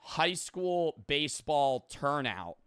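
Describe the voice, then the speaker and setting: Young man, streamer, casual reaction chat, profane, rambling, crisp tone. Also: on the high side, very animated, slow pace, fairly bright tone, no room sound, clean studio sound.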